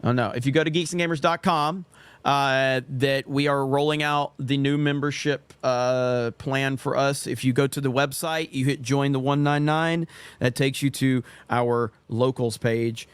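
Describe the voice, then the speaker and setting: A man's voice: mid-range voice, steady tone, unhurried, clean tone, dry recording. A man hosting a casual live-stream chat show, reading viewer comments aloud and plugging a membership.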